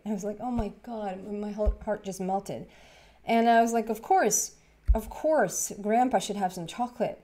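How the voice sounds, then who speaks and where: Mellow-voiced woman in her thirties, tarot reader, rambling and giggly storyteller. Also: mid-range voice, normal speed. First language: Swedish. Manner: rambling and giggly, many fillers and restarts. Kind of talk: casual storytelling to camera.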